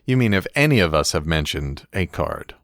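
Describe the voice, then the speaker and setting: Deep-voiced wry man on a podcast. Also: sing-song, moderate pace, a bit bright, no echo. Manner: wry, laughs often, reads card text aloud. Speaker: podcast co-host. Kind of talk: casual chat reviewing game cards.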